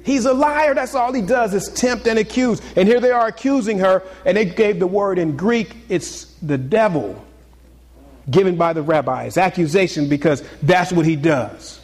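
A pastor preaching a sermon to his congregation, swinging between loud exclamations and hushed, confiding asides. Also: sits high, moderate pace, long reverb tail.

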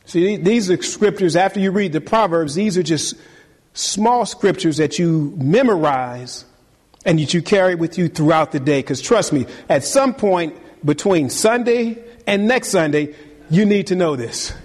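High-voiced animated pastor preaching. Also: male voice, a little slow, long reverb tail. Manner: animated preaching, repeats phrases, talks to the congregation. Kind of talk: sermon. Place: church sanctuary.

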